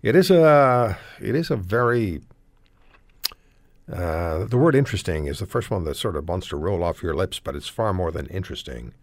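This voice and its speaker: A man from Canada hosting a radio talk show, animated and rambling as he searches for words. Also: sits low, moderate pace, no room sound.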